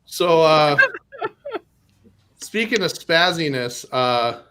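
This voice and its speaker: A man's voice: a little high, animated, takes it slowly, a bit bright, smooth. A man in his forties from Minnesota doing a stand-up set, rambling and self-deprecating, laughing at his own lines between fillers. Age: 40s. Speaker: stand-up comedian.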